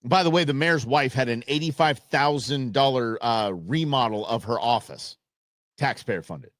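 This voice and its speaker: A man's voice: medium pitch, moderate pace, a bit bright, no room sound, clean studio sound. A man hosting a commentary show, reacting to a news clip with sarcastic, heated remarks that swing between mocking outbursts and muttered asides. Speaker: host.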